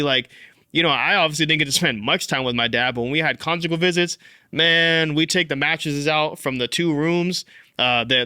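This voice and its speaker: A young man hosting a fatherhood podcast, telling a personal story in casual, animated speech full of "like" and "bro.". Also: a little high, smooth, dry recording, studio quality. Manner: animated, filler-heavy, says "like" and "bro" often. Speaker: podcast host.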